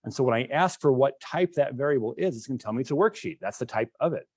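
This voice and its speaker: A man's voice: medium pitch, expressive, fast talker, darkish tone, dry recording. A male instructor giving a classroom lecture, explaining step by step while demonstrating code and thinking aloud.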